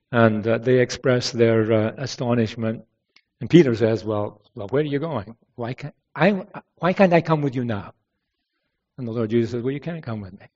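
Male preacher, mellow tone, conversational sermon with rhetorical questions, heard from a distance on a dull recording. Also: medium pitch. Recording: dull lo-fi sound from some distance.

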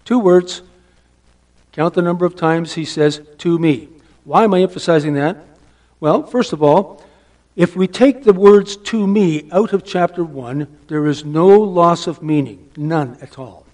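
A man preaching a sermon, emphatic, asking rhetorical questions and dropping to a hush for stress. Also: fairly high pitch, unhurried. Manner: asks the listeners rhetorical questions.

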